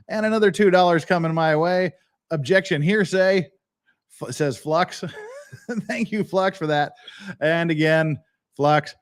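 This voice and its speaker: A man hosting a live legal commentary stream, joking with his chat and breaking down a lawsuit. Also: a little high. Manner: animated, joking, chatty with chat. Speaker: podcast host.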